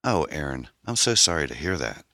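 A man's voice: very deep voice, sing-song, fairly quick, bright, forceful tone, no echo, studio quality, heavily acted. A man voicing a caring young man who speaks in an earnest, reassuring way.

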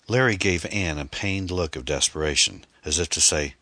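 A man reading a novel aloud as an audiobook narrator in a steady, even-paced way. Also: deep voice, moderate pace, few pauses, no echo.

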